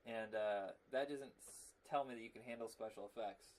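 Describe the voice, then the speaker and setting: Podcast co-host, male, casual and talkative, quick to laugh. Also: lowish voice, darkish tone. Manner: chatty, laughs often, breaks into silly impressions. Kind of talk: casual movie podcast chat.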